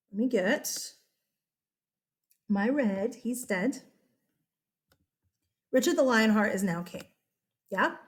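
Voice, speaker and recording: A woman history teacher lectures in a loose, chatty way. She corrects herself as she goes and keeps turning to the class with quick questions. Her voice sits a little on the high side. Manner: chatty, self-correcting, asks students questions.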